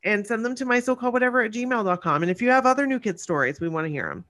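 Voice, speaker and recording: A woman's voice: on the high side, sing-song, very fast, fairly bright tone, no room sound, studio quality. A woman co-hosting a podcast, chatting casually and wrapping up the episode. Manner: chatty, friendly sign-off. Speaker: podcast co-host.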